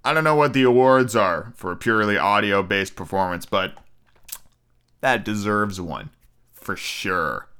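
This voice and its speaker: A man's voice: on the low side, expressive, unhurried, sharp tone, clean tone. A man hosting a podcast alone, ranting casually with energy, lots of swearing and self-mocking asides. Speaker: podcast host.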